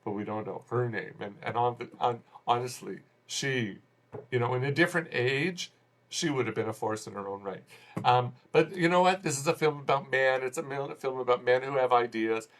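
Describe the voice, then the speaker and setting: A man reviewing a film in a loose, talky way, voice sitting at an ordinary middle pitch. He rambles and restarts his sentences, sounding exasperated as he goes. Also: normal speed, fairly bright tone. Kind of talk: casual spoken movie review.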